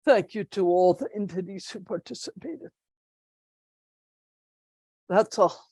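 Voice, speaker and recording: Slow, gentle woman giving a blessing. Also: medium pitch, lively intonation, breathy edge, no echo, poor audio. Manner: gentle, solemn and affectionate. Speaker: channeler and meditation teacher. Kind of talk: channeled spiritual blessing.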